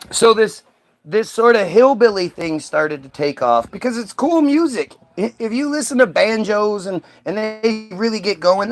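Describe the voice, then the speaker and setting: Middle-aged male podcast host, high-pitched, rambling and profane, casual. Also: a bit bright. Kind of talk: casual chat.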